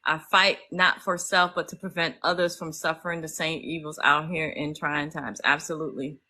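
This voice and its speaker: A woman's voice: low-pitched, steady tone, normal speed, pushed and bright, rough recording. A middle-aged woman, hosting a casual livestream and talking emotionally to her viewers. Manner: emotional, talks straight to viewers as y'all. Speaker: livestream host.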